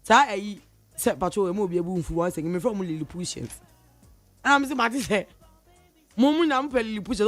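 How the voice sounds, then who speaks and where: Speaking a little fast, the woman is expressive in her mid-range voice while faint music runs behind her. She's a radio host with a Ghanaian accent, chatting in English and Twi and mimicking her friends for fun in the studio. No room sound comes through.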